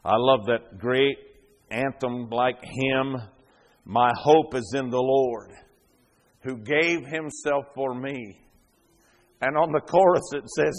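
A man pastor preaching a sermon, swelling to loud fervent peaks and dropping back quiet. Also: on the high side, big pitch swings, slow.

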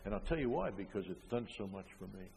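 An older man preaching a sermon, emphatic, with frequent rhetorical questions, rising loud and then dropping soft. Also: lowish voice, expressive, fast talker, vocal fry. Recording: long hall reverb.

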